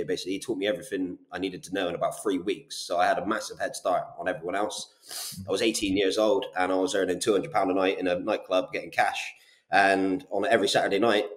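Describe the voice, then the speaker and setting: A man in his twenties with a Bristol accent, a guest on an interview show, telling stories in a brisk, animated way with casual swearing. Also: low-pitched. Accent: Bristol English. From Bristol, England. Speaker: guest, property business owner. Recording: roomy echo.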